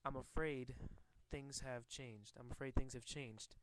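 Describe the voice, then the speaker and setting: A grave, dethroned king of the underground, read aloud by a man. The lines come slowly, with repeated words. The voice is clear and smooth, sitting at an ordinary male pitch. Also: fairly even intonation, fairly bright tone, no echo, natural voice, low-quality recording. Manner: slow halting read-aloud.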